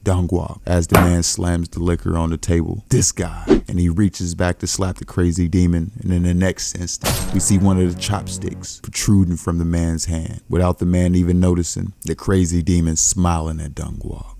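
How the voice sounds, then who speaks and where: A man narrating a comic recap in plain, steady storytelling. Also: sits low, moderate pace, creaky, hardly any pauses, background noise.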